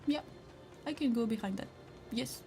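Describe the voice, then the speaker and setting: A craft livestream host in her home space reads comments aloud in casual conversation, with a bit of music playing faintly behind. She speaks at normal speed in a mellow, slightly high voice, giggling, chatting and cheering viewers on.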